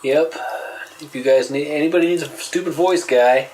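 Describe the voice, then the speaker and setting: A man's voice: on the high side, moderate pace, a little mellow, slight background noise, rough recording. A man co-hosting a casual podcast, with dry, self-deprecating humor. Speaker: podcast co-host.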